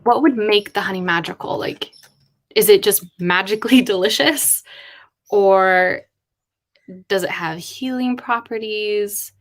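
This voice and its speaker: A woman writer chatting casually on a live stream, thinking aloud in a rambling way with quick asides. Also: medium pitch. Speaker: writer livestreaming with chat.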